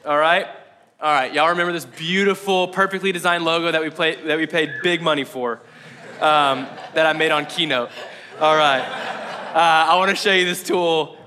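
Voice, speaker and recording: A man's voice: fairly high pitch, fairly even intonation, normal speed, pushed and bright. A man preaching a casual, joking sermon to his church, talking conversationally and laughing often. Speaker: pastor.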